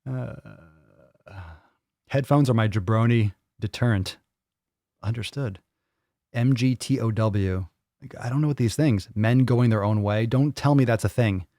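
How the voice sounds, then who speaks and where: A man's voice: mid-range voice, measured pace, long pauses, mellow, no room sound, clean studio sound. A man hosting a live fitness Q&A, chatting crudely and joking as he reads viewer comments. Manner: crude, joking, mocks voices of others. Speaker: fitness podcast host. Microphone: studio microphone.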